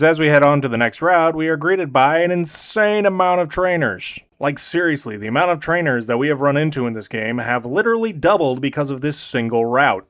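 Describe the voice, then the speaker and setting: A young man giving comedic, sarcastic commentary on a video game, swinging between loud exclamations and dry mutters. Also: mid-range voice. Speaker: gaming commentator.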